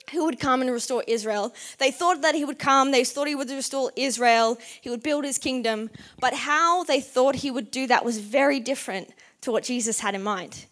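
Woman, preacher, casual sermon, chatty, says like a lot, slightly high voice. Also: fairly bright tone. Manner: chatty, uses "like" often, acts out quotes.

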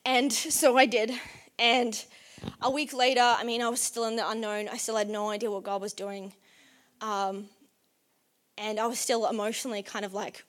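A woman's voice: on the high side, moderate pace. A young woman preaching a sermon, mixing a personal story with scripture in an earnest, conversational way. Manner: earnest, conversational, with bursts of excited animation.

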